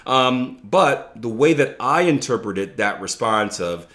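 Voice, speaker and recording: A man hosting a trading podcast, explaining ideas in a relaxed, conversational way with playful asides and frequent "right?" checks to the listener. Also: medium pitch, takes it slowly. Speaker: trading coach and podcast host. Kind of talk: casual instructional podcast talk.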